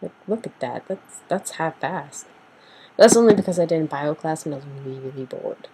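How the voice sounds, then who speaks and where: A young woman ranting casually to the camera in a sassy, animated way, acting out what people say with big jumps in pitch. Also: moderate pace, a little hiss or hum, rough recording. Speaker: vlogger.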